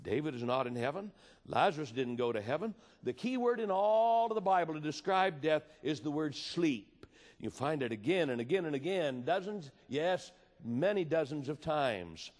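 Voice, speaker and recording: A man's voice: on the high side, lively intonation, normal speed. Impassioned male preacher in a reverberant hall. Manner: impassioned, swinging from loud appeals to hushed storytelling. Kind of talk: sermon.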